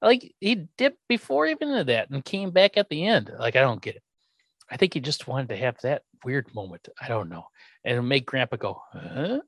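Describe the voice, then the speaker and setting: Animated sarcastic man co-hosting a podcast. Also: mid-range voice, normal speed, no echo. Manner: animated, sarcastic, swears freely. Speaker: podcast co-host. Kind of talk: casual chat.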